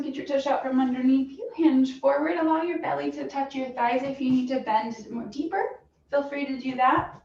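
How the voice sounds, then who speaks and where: A woman fitness instructor calmly cueing a stretching class with encouraging guidance. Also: sits high. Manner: calm, encouraging cueing with soft breathy asides. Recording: roomy, distant, dull sound with faint hiss.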